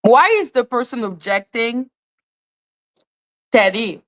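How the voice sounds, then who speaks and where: A woman's voice: a little high, slow pace, a bit bright. A woman hosting a commentary channel, ranting in exasperated, profane rhetorical questions, with a slightly non-native accent. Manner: says she speaks with a non-native accent. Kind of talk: ranting commentary on a court case.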